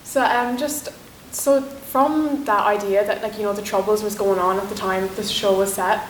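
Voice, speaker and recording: A woman's voice: mid-range voice, steady tone, moderate pace. A woman interviewer asks her guest questions, her phrasing loose and dotted with fillers. The sound is roomy and reverberant, with a faint hiss. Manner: brief encouraging replies, questions with fillers. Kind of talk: conducting a live interview. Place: lecture room in a university building.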